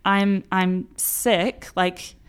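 A woman's voice: mid-range voice, fairly even intonation, drawn-out words, smooth. A young woman in her twenties, a podcast guest telling a personal story in an earnest, emotional way. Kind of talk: casual podcast conversation.

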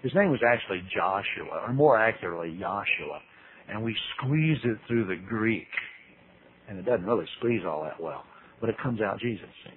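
Animated man preaching with humor. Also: moderate pace. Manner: animated storytelling with big pitch leaps; acts out quotes in voices. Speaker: Bible teacher. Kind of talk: humorous sermon. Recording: tinny radio broadcast with faint hiss.

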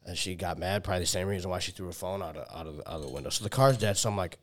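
Talking rapid-fire in a low voice, a young man spins a long personal story in casual conversation. It's loaded with "like" and swearing, full of restarts, and he often acts out other people's lines.

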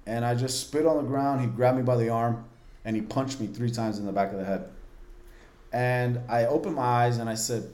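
A man's voice: mid-range voice, fairly even intonation, normal speed, a little mellow. A man in his forties, a podcast guest, telling a personal story candidly and vividly with lots of "like" fillers. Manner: vivid, earnest, many "like" fillers. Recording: roomy, echoey room.

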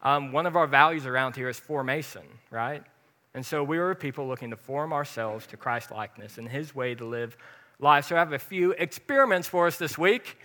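Guy preaching a laid-back sermon, bright punchy voice, earnest then kidding around. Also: mid-range voice, a little fast. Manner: earnest, animated, personal and joking. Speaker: pastor.

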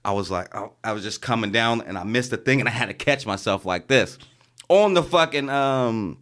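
A man in his thirties casually telling an Army story to friends, profane and animated, acting out the sergeants he quotes. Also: medium pitch, normal speed. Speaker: podcast co-host, Army veteran.

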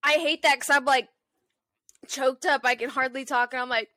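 Bright, dry-sounding playful woman. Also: high voice, moderate pace, no echo. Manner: animated, self-mocking and playful. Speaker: podcast co-host. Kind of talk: casual chat.

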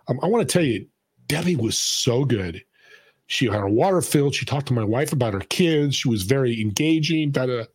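A man of middle pitch tells stories in a relaxed podcast conversation, slipping into the voices of the people he quotes. His voice sits close and dry, with no room around it. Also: fairly quick, husky, no echo. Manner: animated storyteller acting out quoted voices. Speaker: podcast host and guest. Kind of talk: storytelling in casual conversation.

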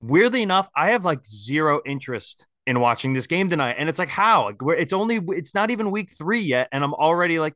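A man's voice: a little high, expressive, fairly quick, few pauses, fairly bright tone, dry recording, studio quality. A man hosting a casual sports podcast, talking candidly and rambling with lots of fillers. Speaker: podcast host.

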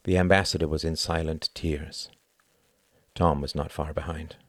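A man narrating an audiobook in a steady, measured reading style. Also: very deep voice, no echo, clean studio sound. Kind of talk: scripted narration.

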